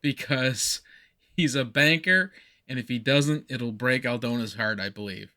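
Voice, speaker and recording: A man co-hosting a podcast, recapping a movie in animated, rambling casual chat with frequent laughs. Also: medium pitch, a little slow. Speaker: podcast co-host.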